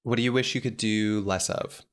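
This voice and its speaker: A man's voice: on the low side, steady tone, brisk. A man co-hosting a comedy podcast, bantering and giggling. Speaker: podcast co-host.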